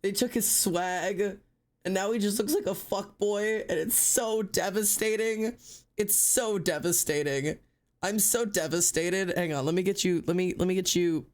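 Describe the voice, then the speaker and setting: Slow-talking woman ranting in mock despair. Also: medium pitch. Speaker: streamer. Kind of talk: casual live-stream chat.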